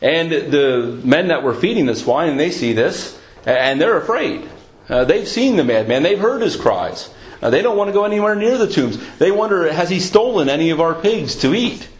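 A man's voice: on the high side, very animated, moderate pace. A man preaching a sermon, retelling a scripture story in a storytelling manner and lifting his voice at dramatic moments. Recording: roomy echo.

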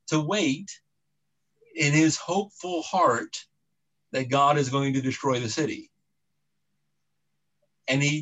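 A man's voice: mid-range voice, fairly bright tone, husky, poor audio. Casual conversational male preacher. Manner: casual, conversational retelling with restarts and asides. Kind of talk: sermon storytelling.

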